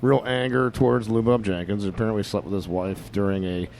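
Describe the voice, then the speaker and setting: A man's voice: fairly low pitch, fairly even intonation, a little fast, a little mellow. A man hosting a comedy podcast in casual chat, moving the show along with wry asides. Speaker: podcast host.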